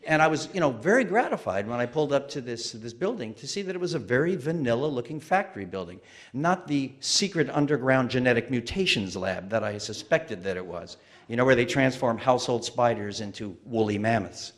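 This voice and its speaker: A man's voice: medium pitch, expressive, a little fast. A man in his fifties telling a wry, self-deprecating personal story on stage. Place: museum stage.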